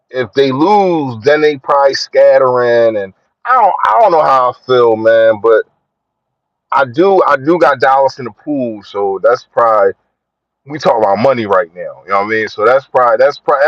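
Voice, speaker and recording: A young man chatting casually on a sports live stream, slangy and shouting out his viewers. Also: dry recording. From Philadelphia. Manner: slangy, shouts out viewers, lively swings in pitch. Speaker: sports vlogger. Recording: dry, dull lo-fi phone audio.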